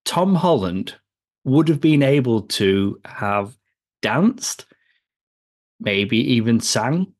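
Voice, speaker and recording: A man co-hosting a film podcast in an easygoing, chatty way. He rambles from one cast member to the next and laughs often. His voice sits at an ordinary middle pitch. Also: expressive, extremely slow, pauses often. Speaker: podcast co-host. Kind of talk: casual film review chat.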